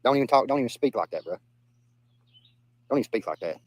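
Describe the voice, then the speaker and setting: Man, Southern US accent, rapid delivery, casual livestream chat, blunt and cussing, repeats phrases. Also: medium pitch, expressive, dry recording, low-quality recording. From Southern United States. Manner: blunt, profane, repeats himself.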